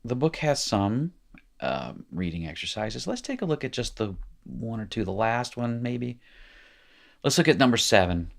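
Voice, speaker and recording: A man's voice: mid-range voice, big pitch swings, moderate pace, gravelly. A man teaching a recorded language lesson, explaining patiently with small asides and encouraging the listener. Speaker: Hebrew teacher.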